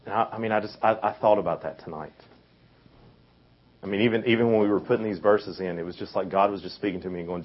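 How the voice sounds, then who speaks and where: A man's voice: fairly low pitch, steady tone, quick pace. A young man giving a youth sermon in a casual, conversational way, full of fillers and restarts. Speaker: youth speaker. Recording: dull lo-fi recording.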